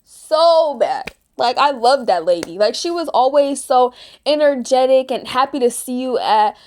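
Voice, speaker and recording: A woman's voice: sits high, expressive, measured pace, a little hiss or hum. A 16-year-old girl vlogger chatting casually and ranting, with lots of "like". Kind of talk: casual chat.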